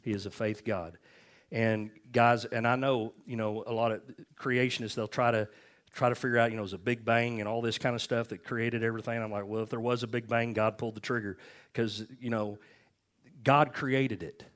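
A male pastor preaching a sermon, telling stories in a folksy, animated way. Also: medium pitch, brisk.

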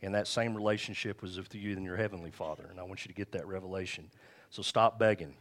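A middle-aged man preaching a sermon. He talks in a somewhat low voice and keeps it conversational, with asides and repeated phrases. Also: fairly even intonation, fast talker. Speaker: pastor.

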